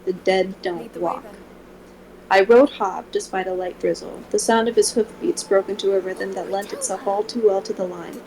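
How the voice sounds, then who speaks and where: A woman streamer reading a gothic horror novel aloud in a steady first-person voice. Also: mid-range voice, normal speed, slight background noise, low-quality recording.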